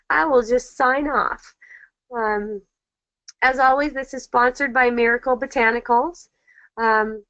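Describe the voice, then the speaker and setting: A woman hosting an online spiritual dialogue, talking gently and reflectively, repeating key phrases and restarting sentences often, over slightly muffled lo-fi call audio. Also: fairly high pitch, no echo. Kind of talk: reflective spiritual teaching talk.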